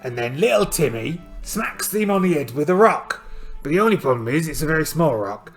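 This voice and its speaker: A man's voice: fairly high pitch, very animated, a little fast, creaky. A man playing a solo tabletop game who narrates it in a playful, storytelling way and thinks aloud over his dice rolls. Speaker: solo game player and host. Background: faint music backing track.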